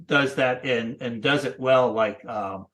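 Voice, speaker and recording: Guy in his 60s talking shop as a guest, halting and rambly, ordinary pitch. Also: fairly bright tone. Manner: rambling, thoughtful, halting with many restarts. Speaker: cartoonist guest. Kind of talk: casual interview chat.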